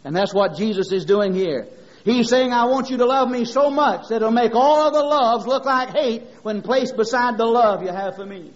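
A man's voice: extremely high pitch, normal speed. A middle-aged man preaching a sermon, impassioned and rhythmic, mixing scripture with homespun stories. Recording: dull lo-fi sermon recording.

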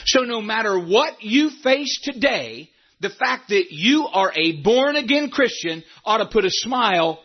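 A male pastor preaching a sermon, breaking into shouts and then dropping low. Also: husky, lo-fi sound. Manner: preaching with sudden shouts and wide swings in pitch.

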